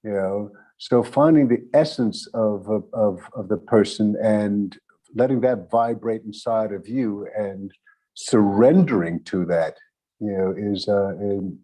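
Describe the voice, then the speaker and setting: Slow, mellow-voiced man pondering aloud. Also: lowish voice, low-quality recording. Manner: slow, halting, many restarts. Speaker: actor panelist. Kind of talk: unscripted panel answer.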